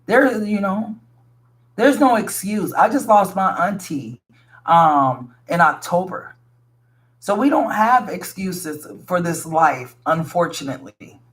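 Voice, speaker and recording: A man's voice: high voice, lively intonation, slow, a bit bright. A man giving a casual tarot reading to his viewers, talking bluntly and frankly, swearing freely and calling the listener sweetie. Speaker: tarot reader.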